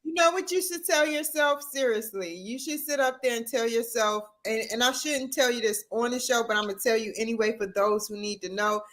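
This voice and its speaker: A woman's voice: a little high, fairly quick, hardly any pauses, fairly bright tone. A woman hosting a casual interview show, effusive and encouraging toward her guest. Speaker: talk show host.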